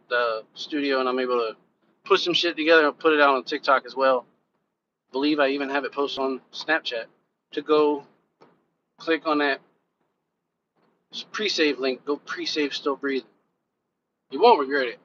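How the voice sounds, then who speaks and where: On a live stream, a reaction channel host and rapper rambles in a bright, medium-pitched voice. The chat is casual: loose, directed straight at viewers, sprinkled with offhand curses. The recording is dull and lo-fi, with faint noise behind it.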